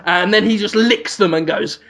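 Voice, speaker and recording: A man with a high voice and a gravelly, fried edge talks on a comedy podcast. He rambles happily through a ridiculous invented plot and cracks up at his own jokes along the way. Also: moderate pace, a bit bright. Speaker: podcast co-host.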